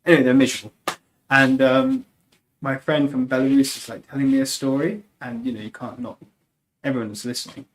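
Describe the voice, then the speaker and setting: A man's voice: mid-range voice, brisk, a little hiss or hum, low-quality recording. Rambling man telling anecdotes. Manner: rambling, animated, lots of "like" and laughter. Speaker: guest sculptor. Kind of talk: casual anecdote-telling in a livestream chat.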